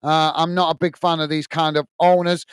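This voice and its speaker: A man's voice: on the high side, flat delivery, moderate pace, clear, resonant tone, dry recording. A British man hosting a casual football fan livestream, chatting with viewers and reading their comments, with lots of fillers and restarts. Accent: British English. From United Kingdom.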